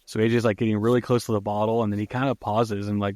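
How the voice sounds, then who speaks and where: A man with a fairly low voice hosts a podcast and walks through a film scene by scene in a relaxed, chatty way. His talk is loose and full of ums and uhs. The sound is close and dry, with no room around it. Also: quick pace, dry recording. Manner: laid-back, lots of fillers like um and uh. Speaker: podcast host. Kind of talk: casual film recap chat.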